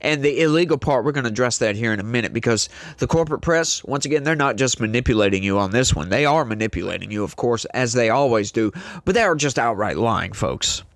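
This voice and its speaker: A man's voice: mid-range voice, animated, fast talker, no echo. Emphatic man with a dry close-mic sound. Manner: emphatic, indignant, talks straight to viewers. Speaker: political commentary host. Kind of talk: casual opinion commentary.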